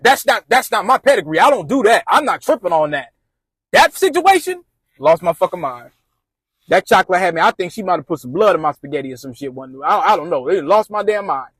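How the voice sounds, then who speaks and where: A man with a high-pitched voice tells a personal story in loose, slang-filled talk. He rambles and repeats himself, and he acts out his friends' advice in quotes. The sound is close and dry, with no room echo. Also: big pitch swings, fairly quick, fairly bright tone, breathy edge. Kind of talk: casual storytime monologue.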